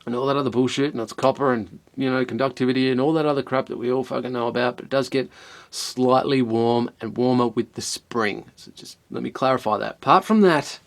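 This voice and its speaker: A man's voice: mid-range voice, a little fast. An Australian man giving a casual spoken product review, blunt and chatty, swearing often in a laid-back way.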